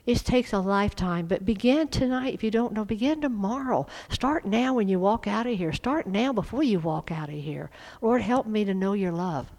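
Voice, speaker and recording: A middle-aged woman preaching a sermon, fervent and emphatic, swelling into loud exhortation. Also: mid-range voice, lively intonation, moderate pace, hardly any pauses, low-quality recording.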